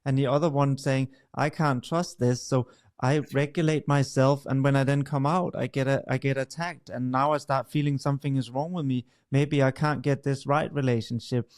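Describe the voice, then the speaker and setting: A man's voice: medium pitch, steady tone, moderate pace, a little mellow. A man, co-hosting a podcast about relationships, explaining patiently and often checking in with "right?". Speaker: podcast co-host, couples expert. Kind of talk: conversational explanation, role-playing a partner.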